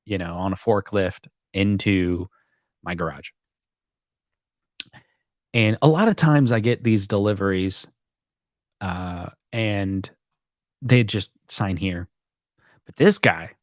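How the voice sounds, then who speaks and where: Low-voiced man telling a rambling story. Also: dry recording, studio quality. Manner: rambling storyteller, acts out quoted exchanges. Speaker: host. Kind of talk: casual chat.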